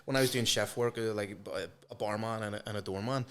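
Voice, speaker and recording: A man's voice: lowish voice, fairly even intonation, fast talker, clear, resonant tone. A man co-hosting a podcast, chatting casually and swearing freely. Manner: swearing, easygoing, asks questions. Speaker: podcast co-host. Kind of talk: casual chat.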